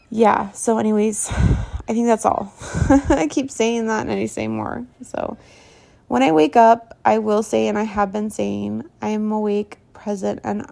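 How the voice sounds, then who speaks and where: A woman talking in a casual diary-style vlog, rambling softly and trailing off with fillers, a little stuffy from allergies. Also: mid-range voice, vocal fry. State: runny nose from allergies. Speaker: meditation vlogger.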